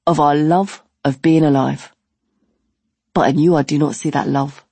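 A woman playing a blunt young man who lectures calmly and deliberately. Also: low voice, husky, no echo. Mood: earnest. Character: blunt, plain-spoken young man in a queue.

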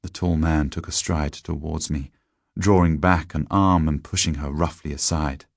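A man giving a measured, dramatic reading of a gothic horror story. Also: very deep voice, fairly even intonation, gravelly, no echo, clean studio sound.

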